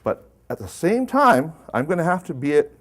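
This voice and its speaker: A man's voice: fairly high pitch, big pitch swings, normal speed. A man presenting a live workshop to an audience, talking conversationally and putting questions to the room.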